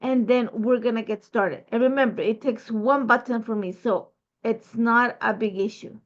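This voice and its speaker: A high-voiced woman from Ecuador with a Spanish accent talks through her crafting, rambling with plenty of fillers. Her throat is irritated and she is holding back a cough. The recording is dull and lo-fi. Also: normal speed. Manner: chatty, rambling, many fillers. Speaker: crafting host. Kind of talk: casual crafting process video.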